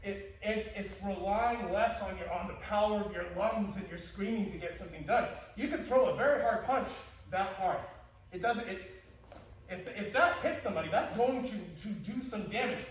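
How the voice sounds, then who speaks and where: A man's voice: high-pitched, moderate pace. A man teaching a martial arts class, playful and joking, often restarting his sentences. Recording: echoey hall, distant mic.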